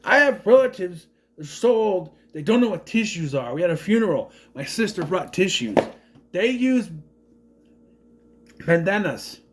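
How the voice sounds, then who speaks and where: Lively, rambling man reviewing a movie. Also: high-pitched, moderate pace, a little hiss or hum. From southern Minnesota, US. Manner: rambling, joking asides. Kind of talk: casual spoiler review.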